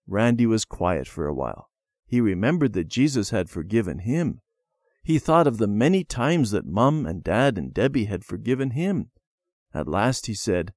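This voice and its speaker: Brief: male storyteller, animated pitch, close dry read. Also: moderate pace, no room sound. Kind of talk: reading a Christian children's story aloud.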